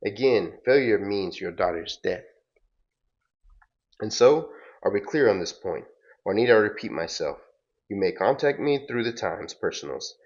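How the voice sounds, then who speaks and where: A man's voice: fairly low pitch, expressive, a little slow. A man voicing a cold, formal male villain who threatens in clipped tones over a dull, lo-fi recording. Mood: coldly menacing.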